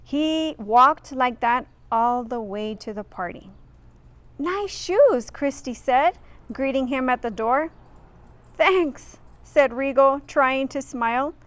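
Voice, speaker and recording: Slow, expressive woman reading a picture book. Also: high voice, dry recording. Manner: slow, expressive, adds friendly asides to listeners. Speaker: reader.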